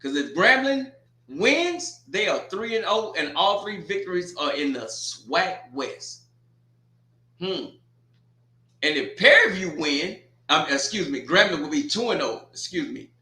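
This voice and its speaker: Man with a bright voice, trash-talking scores. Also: sits high, very animated, unhurried, roomy sound. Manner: blunt, teasing trash talk. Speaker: watch party host. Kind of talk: casual score rundown and commentary.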